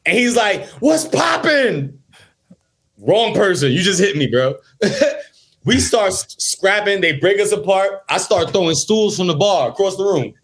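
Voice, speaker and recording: A man telling stories in casual chat, animated and laughing as he recounts them. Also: high voice, moderate pace. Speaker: podcast guest. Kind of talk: casual storytelling.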